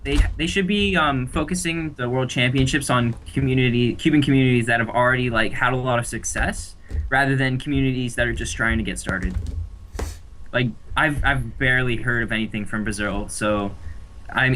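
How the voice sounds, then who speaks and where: A young man co-hosting a podcast, giving short deadpan replies in casual chat. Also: medium pitch, a little fast, slight background noise. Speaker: podcast co-host.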